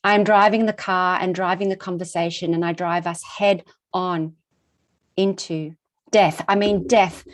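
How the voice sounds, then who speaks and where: A middle-aged woman giving a conference talk, telling a personal story in an expressive, rhythmic way with lots of repetition. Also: fairly low pitch, measured pace. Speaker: conference speaker.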